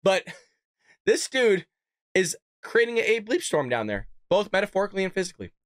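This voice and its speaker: A man's voice: high-pitched, big pitch swings, moderate pace, no echo, studio quality. A man hosting a show, reading a news story aloud and reacting to it with incredulous, sarcastic commentary aimed straight at his viewers. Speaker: host.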